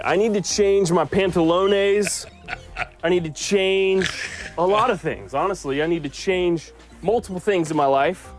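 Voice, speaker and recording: A man chatting casually in a home vlog, playful and jokey, cooing at his dog. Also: sits high. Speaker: vlogger.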